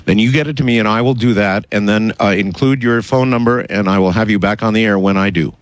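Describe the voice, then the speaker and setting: A man hosting a call-in radio show, cutting in and pressing his caller in a halting, insistent way. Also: fairly low pitch, dry recording. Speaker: radio host.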